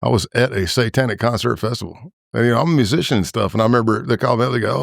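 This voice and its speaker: A man's voice: very fast, gravelly, no room sound, studio quality. A man, a former federal agent, telling stories in a casual interview and acting out the voices of the people in them. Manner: animated storyteller who acts out quoted voices with big pitch jumps. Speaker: former FBI agent, podcast guest.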